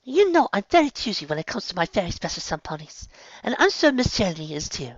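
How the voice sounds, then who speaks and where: A woman voicing an elegant adult mare who speaks in a refined, poised way and scolds gently. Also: medium pitch, big pitch swings, fairly quick, no echo, muffled recording, voice pushed up. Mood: gently scolding.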